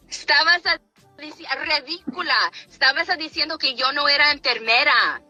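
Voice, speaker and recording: A woman's voice: high-pitched, sharp tone, poor audio. A middle-aged woman, a nurse, gives heated commentary in a mocking, indignant tone, switching between languages.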